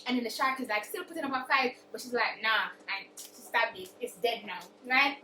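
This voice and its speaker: Young lady recapping a book, bright voice, far from the mic in an echoey room. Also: a little high, brisk, slight background noise. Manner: chatty, dramatic retelling with acted quotes. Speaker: book vlogger. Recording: roomy echo, distant mic.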